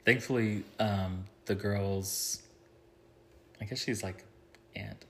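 A man's voice: on the low side, steady tone, slow, creaky, a bit bright, a little hiss or hum. A man in a casual chat, laid-back and joking.

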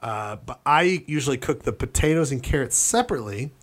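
A man's voice: medium pitch, lively intonation, a little fast. A man co-hosting a casual podcast chat, talking with rambling enthusiasm and some swearing. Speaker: podcast co-host.

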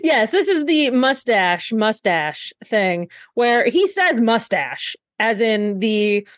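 Higher-voiced woman gushing, dry sound. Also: very animated, slow, dry recording. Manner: enthusiastic, rambling, laughs often. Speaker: podcast co-host. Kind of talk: casual recap chat.

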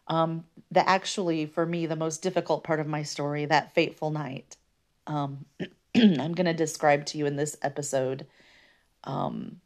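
Brief: low-pitched woman from the Midwest, podcast host recounting personal history, halting with frequent ums. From American Midwest. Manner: hesitant, many ums, soft-spoken. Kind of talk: personal storytelling.

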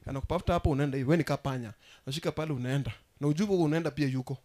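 A man preaching a sermon as pastor, emphatic and rousing, with sudden loud outbursts. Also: a little high, very fast.

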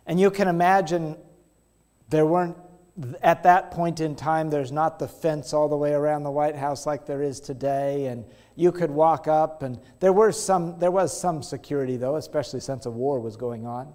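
High-voiced man preaching a sermon. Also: steady tone, darkish tone. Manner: storytelling, slows down for emphasis.

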